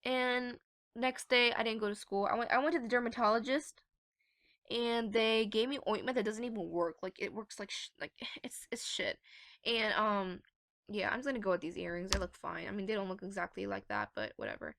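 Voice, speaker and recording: Bright-voiced teen girl vlogger ranting. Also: medium pitch, a little fast, gravelly, no echo, clean studio sound. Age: teens. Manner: chatty, swears freely, ranting storytime. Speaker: gaming vlogger. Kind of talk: casual storytime chat.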